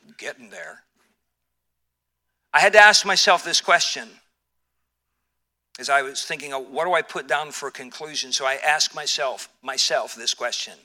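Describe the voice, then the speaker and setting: Bright-voiced, high-pitched male pastor preaching. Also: moderate pace. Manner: storytelling, animated with repeated restarts. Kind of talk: sermon.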